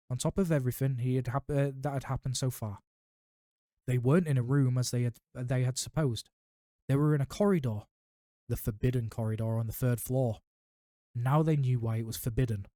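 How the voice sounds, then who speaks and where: Man reading a story in a mellow voice. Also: medium pitch, no room sound, clean studio sound. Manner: steady narration with small slips. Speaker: reader. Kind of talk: audiobook reading of a novel.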